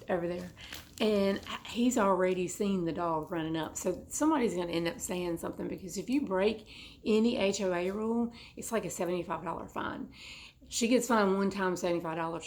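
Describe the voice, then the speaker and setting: A woman with a hoarse, froggy, congested voice, chatting and rambling while she unboxes a bag at home. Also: mid-range voice, a little hiss or hum, rough recording. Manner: rambling, chatty, goes off on tangents. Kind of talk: casual unboxing chat. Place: at home indoors.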